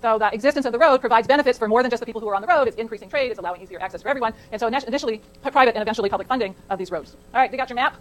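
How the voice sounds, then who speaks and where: A woman's voice: on the high side, rapid-fire, few pauses, low-quality recording. A middle-aged woman from California giving a chatty classroom lecture, digressing into anecdotes and asking the class questions. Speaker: college lecturer. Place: lecture hall.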